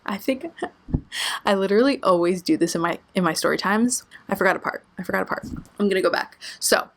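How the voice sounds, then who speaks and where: A woman's voice: medium pitch, fairly quick, creaky. A young adult woman vlogger telling a story in a casual way, swearing a lot and using many filler words. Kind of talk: storytime vlog.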